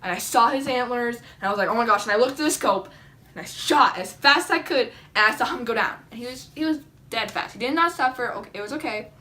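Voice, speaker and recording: A young woman talks straight to her camera from home, telling a story in a chatty, excitable rush. She fills her sentences with "like" and acts out her own reactions. Her voice is bright and a touch high. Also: fast talker. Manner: chatty, excitable, lots of "like" and dramatic quoted reactions. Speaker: vlogger. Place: indoors at home, seated.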